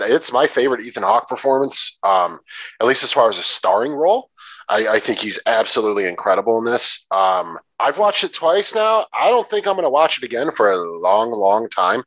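A man's voice: mid-range voice, dry recording, low-quality recording. Man co-host with a dry close sound. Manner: animated, profane, jokey asides. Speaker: podcast co-host. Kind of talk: casual film discussion podcast.

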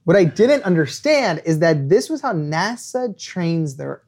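A young man, a podcast guest and author, telling an animated anecdote and acting out quoted lines. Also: on the high side, unhurried. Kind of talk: storytelling anecdote.

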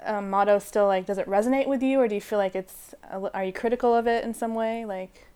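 A woman's voice: mid-range voice, steady tone, fast talker, mellow, clean tone. A woman hosting an interview, asking questions in a hesitant way with many fillers and restarts. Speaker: podcast host, interviewer.

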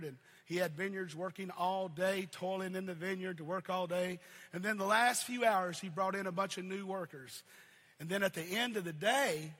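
A male pastor with a high, piercing, bright voice delivers a sermon in repeating cadences. He swells to shouts and falls back to near-murmurs. His voice rings out with a long hall reverb. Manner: preaching in repeated cadences, swelling to shouts then dropping low.

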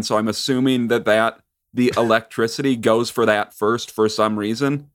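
A man co-hosting a podcast over a video call, telling stories in a relaxed, wry way. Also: mid-range voice, normal speed. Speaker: podcast co-host. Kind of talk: casual podcast chat.

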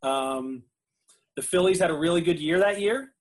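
A man's voice: a little high, normal speed. Easygoing male podcast host. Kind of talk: live podcast hosting.

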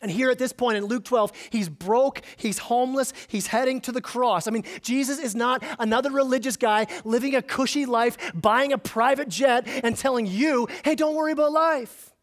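Male pastor, higher pitched, conversational sermon delivery with stammered repeats for emphasis. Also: moderate pace, hardly any pauses.

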